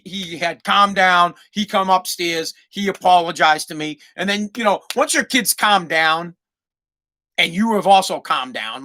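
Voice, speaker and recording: Blunt, profane man with a bright voice. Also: high-pitched. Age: adult parent. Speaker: podcast host. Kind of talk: casual storytelling monologue.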